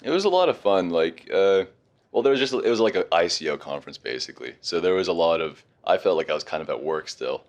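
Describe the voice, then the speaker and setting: A young man, an intern, chatting casually on a podcast roundtable in a relaxed, rambling way. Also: deep voice, fast talker.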